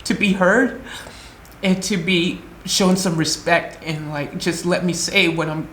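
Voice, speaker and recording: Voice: mid-range voice, measured pace, reverberant, slight background noise. A shaken vlogger rambling through an upsetting story and acting out the other people's lines in quoted voices. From United States. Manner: animated retelling with quoted voices, rambling restarts. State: emotionally shaken. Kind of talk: emotional storytelling vlog.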